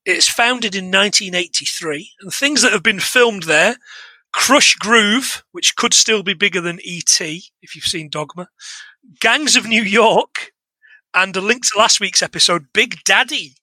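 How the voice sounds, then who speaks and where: An English man casually retelling a film plot to a co-host, animated and chatty, laughing and swearing now and then. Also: high-pitched, unhurried, no room sound, low-quality recording. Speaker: podcast co-host. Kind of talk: casual film recap chat.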